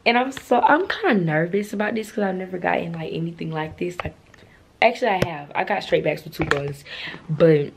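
A woman's voice: lowish voice, creaky, a little mellow, a little hiss or hum. A young woman chatting casually to her camera at home, full of slang and "y'all". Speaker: vlogger.

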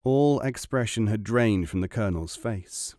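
An audiobook narrator reads a scripted story in a measured, even voice. His voice is lowish, and the dry recording has clean studio sound.

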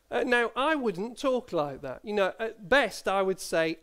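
Chatty preacher, slightly high voice. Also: male voice, lively intonation, moderate pace, few pauses, fairly bright tone. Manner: conversational, self-deprecating, with asides and small laughs. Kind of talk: sermon. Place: church.

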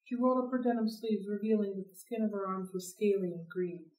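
A woman reading a novel aloud for a library read-along, in an expressive, steady storytelling manner. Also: medium pitch, a little fast. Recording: roomy sound, distant from mic.

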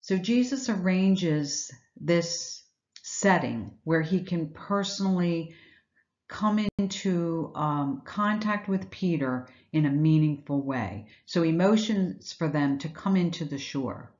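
A woman's voice: on the low side, expressive, slow, darkish tone, dull audio. A woman giving an earnest, reflective Easter devotional message, retelling scripture and asking rhetorical questions. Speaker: Bible teacher.

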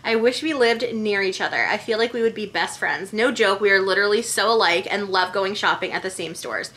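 Bright, gushing young woman vlogger. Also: medium pitch, a little fast. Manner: gushing, effusive. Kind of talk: casual vlog, reading holiday cards aloud.

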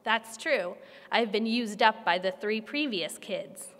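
A woman's voice: medium pitch, slow pace. A woman reading as a sardonic, weary old woman. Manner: sharp, sardonic complaining. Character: weary, blunt old woman, recently risen from the grave. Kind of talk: literary reading. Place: conference room. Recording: long hall reverb.

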